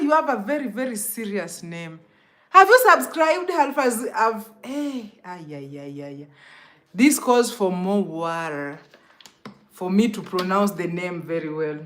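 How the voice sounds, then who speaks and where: Chatty Kenyan woman on a slow live stream. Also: sits high, fairly bright tone. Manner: chatty, greets commenters by name, laughs often. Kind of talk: casual live-stream chat with viewers.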